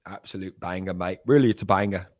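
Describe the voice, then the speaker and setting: A man's voice: deep voice, quick pace, darkish tone. A young man hosting a casual crypto livestream. He rambles loosely, with lots of fillers, and reads chat messages aloud.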